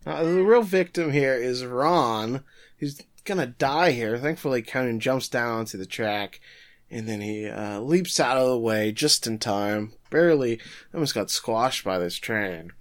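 Casual male podcast co-host, joking recap delivery. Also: mid-range voice. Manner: joking, summarizing plot quickly. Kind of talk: casual anime recap chat.

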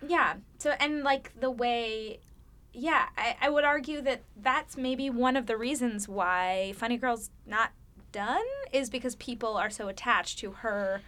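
A woman's voice: on the high side, a little slow, fairly bright tone. A woman in her thirties, an actor guest on a podcast, chatting enthusiastically, laughing easily and imitating voices. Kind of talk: casual interview chat.

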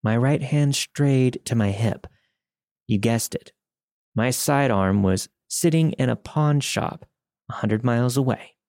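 A man's voice: mid-range voice, takes it slowly, a little mellow, dry recording, studio quality. Man reading a first-person horror story. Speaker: story narrator.

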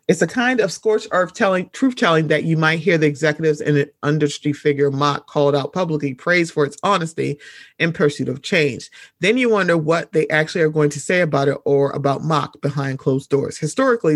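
Higher-pitched man reading an article aloud. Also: brisk, no room sound, studio quality. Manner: emphatic, breaks off to laugh and comment. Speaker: commentator.

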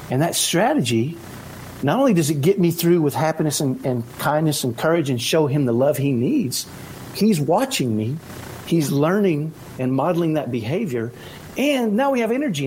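Brief: energetic dad giving a motivational parenting talk, tenor-leaning voice, faint hum behind. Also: male voice, fairly high pitch, low-quality recording. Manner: energetic, keeps asking "right?". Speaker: parent sharing autism parenting advice.

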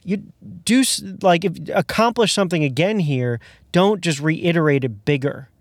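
A man's voice: on the high side, moderate pace, no room sound, clean studio sound. A man in casual film chat, rambling with many fillers and restarts. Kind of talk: casual movie review chat.

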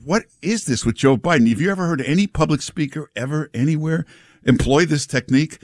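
A man hosting a talk radio show, joking and mocking in a casual, lively way. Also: on the high side, a little fast, no room sound, clean studio sound. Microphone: studio mic.

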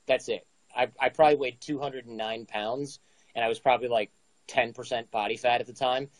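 A man's voice: mid-range voice, a little fast, no echo, rough recording. A man in his forties casually telling a story, acting out the dialogue with energy. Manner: animated, acts out dialogue. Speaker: guest storyteller.

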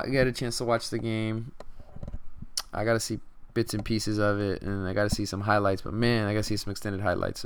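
A man's voice: fairly low pitch, slight background noise. A young man hosting a casual sports podcast, laid-back and slangy, thinking aloud with lots of fillers. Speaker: podcast host.

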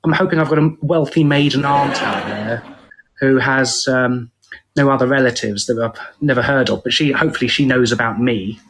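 A man's voice: mid-range voice, normal speed, a bit bright. A British man chatting as a podcast guest, wry and self-deprecating, with a rambling way of talking. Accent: British English. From United Kingdom. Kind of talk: casual chat.

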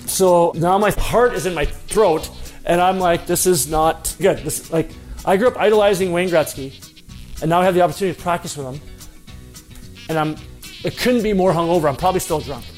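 A man, a former hockey player, telling a personal story in a lively, self-deprecating way. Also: high voice, brisk, faint music behind.

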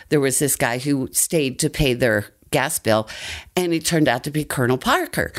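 An older woman from Colorado telling a personal story in an animated way, acting out the quotes. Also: sits low. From Colorado, USA. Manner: lively, animated retelling with acted quotes. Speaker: storyteller guest.

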